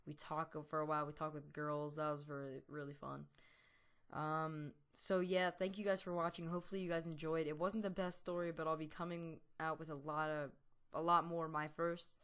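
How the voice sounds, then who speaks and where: A man's voice: fairly high pitch, level tone, normal speed, fairly bright tone, clear, resonant tone. A teenage boy, a gaming YouTuber, telling a long story over gameplay, rambling with lots of fillers and restarts. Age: teens. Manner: laughs now and then while telling.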